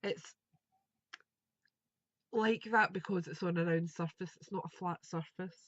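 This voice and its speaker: A woman's voice: on the low side, steady tone, measured pace, no room sound, lo-fi sound. A woman, chatting and thinking aloud as she demonstrates a craft project live. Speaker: craft tutor.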